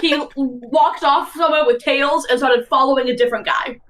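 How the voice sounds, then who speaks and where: A woman with a fairly high voice, co-hosting a gaming podcast in casual chat. She tells stories about her friends with a teasing edge, talking lightly and easily. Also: steady tone, normal speed, a crowd in the background, rough recording. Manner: teasing, storytelling. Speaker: podcast co-host.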